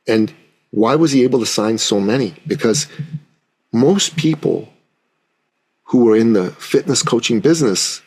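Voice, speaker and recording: A man with a husky, breathy voice tells a story as a podcast guest. He acts out the dialogue with animation and keeps checking in with his listener. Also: fairly low pitch.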